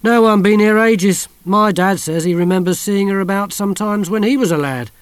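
A blunt army sergeant, put on by a male narrator, gruff and exasperated, spoken a little higher than usual. The sound is dry and close, as in a storybook recording. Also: normal speed, no echo, natural voice. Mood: grim.

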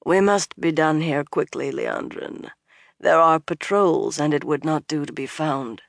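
A narrator voicing a haughty, cold noble lady whose speech is slurred, drawling slowly and quietly. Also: gravelly, no room sound, studio quality. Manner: slow, low and quiet.

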